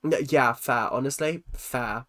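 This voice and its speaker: A man's voice: medium pitch, unhurried, sharp tone. A young man hosting a livestream, reading out chat comments and answering with teasing, self-mocking jokes and lots of ums. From London. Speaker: livestream host.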